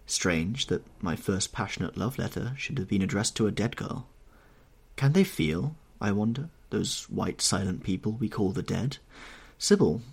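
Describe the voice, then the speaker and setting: In an audiobook reading, a man with a medium-pitched, husky voice plays an impassioned, self-absorbed young English gentleman, delivering the lines with heightened emotion.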